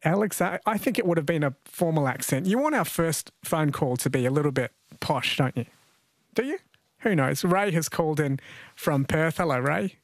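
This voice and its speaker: A man's voice: a little high, lively intonation, normal speed, no room sound. Chatty male radio host in a dry studio. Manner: chatty, jokey, laughs often. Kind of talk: radio quiz hosting.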